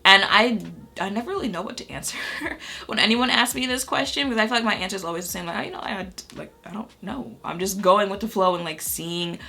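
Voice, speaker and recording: Brief: young woman beauty vlogger, chatty storyteller, bright tone with a gravelly fry. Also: mid-range voice, quick pace. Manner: chatty, heavy on fillers like "you know" and "like". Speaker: beauty YouTuber. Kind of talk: casual storytime vlog.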